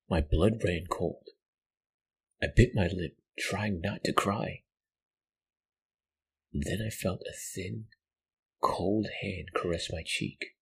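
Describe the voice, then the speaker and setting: A man narrating a horror story in a slow, hushed, dramatic way. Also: fairly low pitch, vocal fry, breathy edge. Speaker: podcast narrator.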